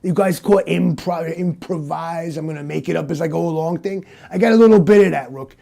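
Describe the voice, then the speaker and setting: A man puts on a gruff, cocky cyborg detective in an improvised comedy interrogation. His voice is gravelly and dark but sits a little high. He drawls, rambles and keeps saying the name of the man he is talking to. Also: fairly quick. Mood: smug.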